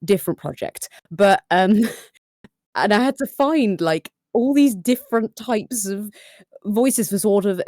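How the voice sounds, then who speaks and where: A woman voice actor chatting casually on a live stream, animated and self-mocking. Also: mid-range voice, slow, no echo, studio quality. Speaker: voice actor guest.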